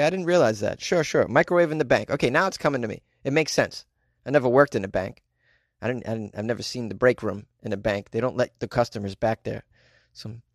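A man's voice: mid-range voice, no room sound, clean studio sound. A man hosting a comic news podcast, cracking jokes and laughing at his own asides. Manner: wisecracking, laughs often, riffing asides. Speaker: podcast host. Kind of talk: comedic news commentary.

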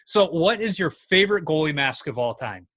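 A man's voice: a little high, lively intonation, normal speed, a bit bright. A man hosting a casual interview, easygoing, asking questions and sharing his own stories. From Minnesota. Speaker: podcast host interviewing a guest.

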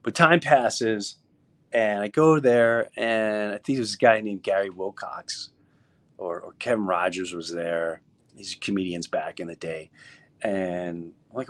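A middle-aged comedian telling a story in a casual, animated way, acting out what others said. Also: male voice, lowish voice, moderate pace. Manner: animated, acts out quoted voices, many restarts. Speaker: comedian guest.

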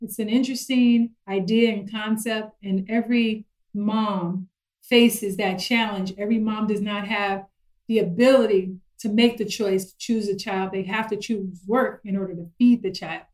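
A middle-aged woman chatting casually about parenting, telling stories lively and acting out her kids' voices. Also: mid-range voice, normal speed, low-quality recording. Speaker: guest parent.

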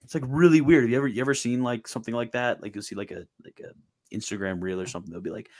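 A man's voice: mid-range voice, very fast. A man hosting a casual stream chat, rambling and often breaking off mid-sentence. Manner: rambling, self-interrupting. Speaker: stream host.

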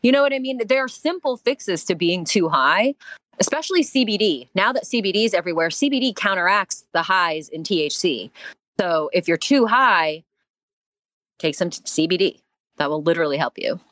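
A woman's voice: on the low side, expressive, moderate pace, fairly bright tone, dry recording. A woman talking emphatically in a casual podcast chat, swearing now and then and laughing as she speaks.

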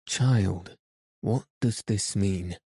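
Guy doing a worried rich gent, hushed, slow and dark. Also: on the low side, slightly rough, dry recording, clean studio sound, heavily acted.

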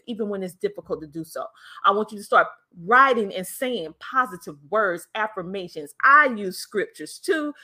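Lady podcast host, bright forceful voice, preachy emphatic motivational talk. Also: fairly high pitch. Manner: emphatic, preacher-like delivery with stretched stressed words. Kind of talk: motivational speaking.

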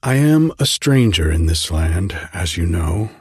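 A man's voice: deep voice, very animated, measured pace, a little mellow, husky, no echo, studio quality, full character voice. A man voicing a troubled, desperate young lady who speaks earnestly in formal, archaic words.

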